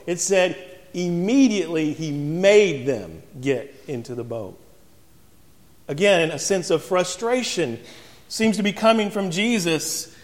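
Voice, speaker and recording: A man delivers a sermon, telling stories with humorous asides. His voice sits high for a man and rings out with long reverb. It sounds like a large church sanctuary. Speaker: pastor.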